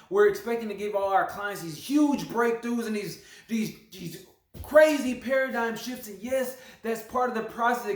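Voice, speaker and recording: A man giving a motivational talk as a coach, preachy and repetitive, calling his listeners family. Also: high voice. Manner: preachy, repeats phrases, calls listeners family. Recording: echoey room, mic at a distance.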